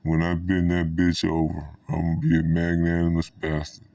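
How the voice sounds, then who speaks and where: Super deep flat-voiced guy rambling and cussing, dry sound, mic kinda far off. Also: moderate pace, no echo. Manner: profane, animated, laughs between thoughts. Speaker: vlogger. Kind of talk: rambling monologue.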